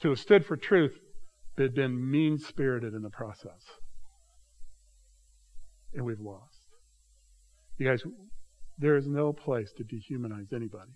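A man's voice: medium pitch, normal speed, a little mellow, low-quality recording. A man preaching a sermon as pastor, reading scripture aloud with rising emphasis and talking straight to his congregation. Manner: addresses congregation directly as "you guys".

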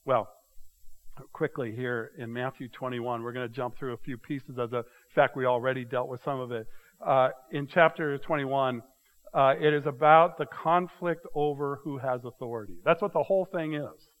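A man's voice: medium pitch, fairly even intonation, moderate pace, dull audio. An older man, a pastor, preaching a conversational sermon and asking his listeners questions.

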